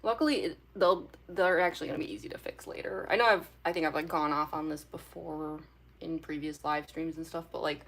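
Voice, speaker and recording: Fairly quick and fairly bright, her low voice holds a steady tone. The young artist rambles casually with her viewers while drawing on stream, full of giggles and fillers.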